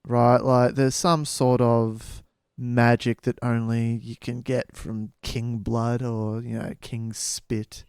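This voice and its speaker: A man's voice: medium pitch, level tone, slow pace, creaky, a little mellow, clean tone, dry recording. A man co-hosting a podcast, improvising a story and trading dry jokes. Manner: joking, improvising, dry quips. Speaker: podcast co-host. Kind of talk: casual chat.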